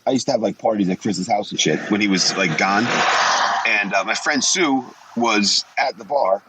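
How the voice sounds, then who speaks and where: Speaking at a moderate pace in a fairly low voice, a man in his forties who once wrestled tells blunt, swear-filled stories in a loose, rambling podcast interview where he's the guest. Background noise sits under the recording.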